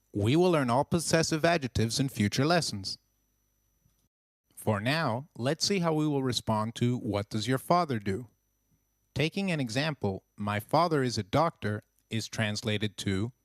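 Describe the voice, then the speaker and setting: A man narrating a scripted language lesson in an even teaching voice, slowing down to model phrases. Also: medium pitch, no room sound, studio quality.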